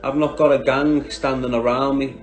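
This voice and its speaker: A man's voice: mid-range voice, little pitch movement, moderate pace, soft background music. A man with a Liverpool Scouse accent, talking on a livestream, bluntly and combatively answering viewers by name. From Liverpool, England.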